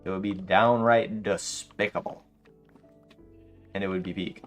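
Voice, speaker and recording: Young guy streamer chatting to chat, lowish voice, slangy storytelling, faint music behind. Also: unhurried. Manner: animated storytelling, slangy, laughs often. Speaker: live streamer. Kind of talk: casual livestream chat while gaming.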